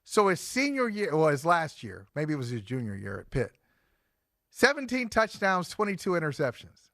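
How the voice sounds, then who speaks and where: A man's voice: fairly high pitch, wildly swooping pitch, moderate pace, a bit bright, no echo, clean studio sound. A man co-hosting a sports talk show, chatting conversationally and restarting sentences with fillers.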